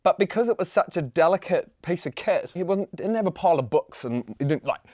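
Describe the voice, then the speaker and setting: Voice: medium pitch, lively intonation, a little fast, darkish tone, no room sound. Casual podcast guest, laid-back, rambling, lots of fillers, dry close sound. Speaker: podcast guest, friend of host. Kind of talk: casual chat.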